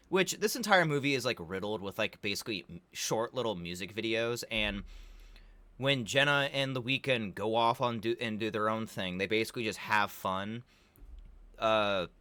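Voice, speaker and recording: A man's voice: on the low side, bright, forceful tone, smooth, no room sound. A young man giving a rambling, profanity-laced casual recap of a movie, full of fillers. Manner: rambling, swears a lot, heavy on fillers like "like". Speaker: video creator reviewing a movie.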